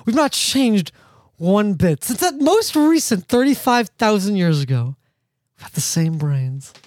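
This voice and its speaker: A man's voice: high-pitched, very animated, measured pace, a little mellow, dry recording. Sardonic rambling male podcast host. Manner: sardonic, rambling, laughs often. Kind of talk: casual podcast chat.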